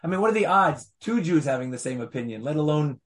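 A Torah teacher with a voice a touch high delivers an explanatory lecture to a study group at an easy pace, though fast, with lively intonation. He's patient, circling back to restate points with repeated phrases and little asides.

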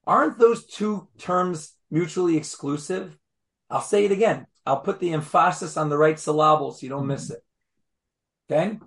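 A man with a notably high voice teaches a lively Torah class. He speaks emphatically and keeps throwing rhetorical questions at his listeners. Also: moderate pace.

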